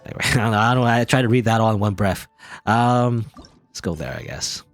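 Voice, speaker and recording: A man's voice: fairly low pitch, a little fast, soft background music. A man streaming a video game, joking around playfully and reading the on-screen text aloud. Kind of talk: gaming livestream commentary.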